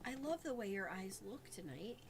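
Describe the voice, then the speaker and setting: A woman's voice: medium pitch, big pitch swings, moderate pace, noisy background. A woman co-hosting a casual livestream chat, chatty and opinionated, teasing her partner. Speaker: co-host.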